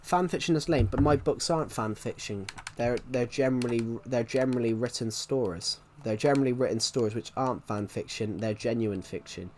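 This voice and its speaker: A man's voice: mid-range voice, darkish tone, slight background noise. A young man chatting casually on a live stream while gaming, rambling and restarting his sentences. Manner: rambling, halting, many restarts.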